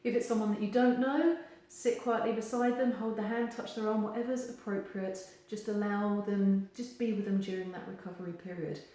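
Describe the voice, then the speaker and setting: Woman giving advice to camera, animated, acts out voices, room's really echoey. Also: medium pitch, moderate pace, hardly any pauses. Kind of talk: direct-to-camera advice video. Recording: very echoey room.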